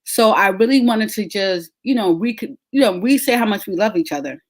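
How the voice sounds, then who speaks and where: A woman's voice: mid-range voice, animated, fairly quick. A woman, a podcast host telling a story in casual, chatty talk straight to her listeners. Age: 30s. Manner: chatty, addresses listeners as y'all.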